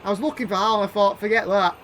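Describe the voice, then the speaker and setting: A man giving play-by-play commentary over a football video game, calling names in short bursts and shouting when chances come. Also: high voice, steady tone, racing, a little hiss or hum. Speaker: gaming YouTuber doing live commentary.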